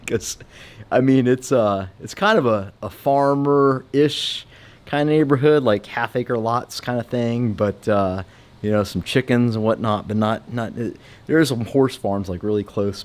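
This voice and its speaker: A man chatting casually in his home welding shop, rambling with lots of fillers and restarts. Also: medium pitch. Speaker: vlogger showing his shop. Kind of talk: casual vlog chat.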